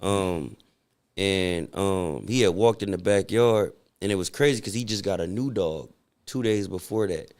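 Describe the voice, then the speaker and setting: A man's voice: deep voice, a little slow, darkish tone, clean tone. Laid-back young man, slangy chat. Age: young adult. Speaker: hip-hop artist guest. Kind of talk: casual interview chat.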